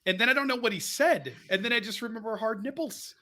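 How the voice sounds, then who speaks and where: A man's voice: very high voice, fast talker. A young man co-hosting a wrestling podcast in casual chat, joking around and slipping into silly impressions. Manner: jokey, animated, does goofy impressions. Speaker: podcast co-host.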